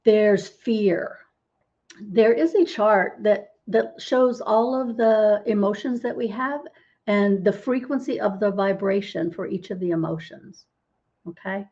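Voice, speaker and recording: A woman's voice: medium pitch, unhurried, darkish tone. Woman explaining, with a slightly dull sound. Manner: explanatory, tags lines with "right?". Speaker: holistic healer guest. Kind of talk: podcast interview.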